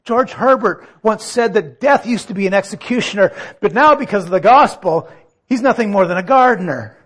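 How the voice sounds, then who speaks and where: A man's voice: high-pitched, lively intonation, moderate pace, a bit bright, husky. A man preaching a sermon, earnest, asking rhetorical questions and building to emphatic points.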